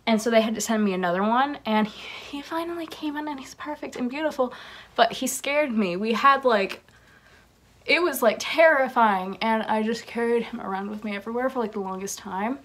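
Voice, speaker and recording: A young woman vlogs casually from her bedroom, showing her fan merchandise in a rambling, giggly way peppered with "like." She speaks fairly quickly in a fairly bright voice on the high side.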